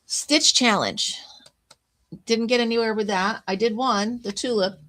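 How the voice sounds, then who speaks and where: A woman's voice: a little high, steady tone, a little slow, fairly bright tone. A woman hosting a casual crafting livestream, chatting and greeting viewers by name as she pages through her notes.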